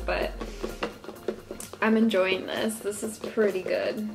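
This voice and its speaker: A woman's voice: a little high, steady tone, measured pace, gravelly, faint music behind. Chatty young woman from Texas. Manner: chatty, friendly, laughs often. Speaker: vlogger. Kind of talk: casual product review vlog.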